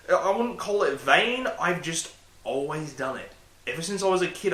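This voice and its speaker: A man chats to his laptop webcam in a casual, rambling vlog, poking fun at himself and swearing freely. His voice is bright and forceful. The room around him rings with noticeable echo. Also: fairly high pitch, animated, normal speed. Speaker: vlogger. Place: room at home by a window. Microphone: laptop webcam mic.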